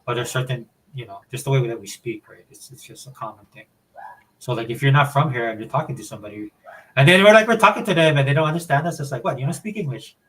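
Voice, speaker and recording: A man from Hawaii with a Hawaiian accent, chatting casually as a podcast co-host in a relaxed, rambling way. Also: medium pitch, fast talker, low-quality recording. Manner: laid-back, rambling explanations. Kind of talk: casual chat.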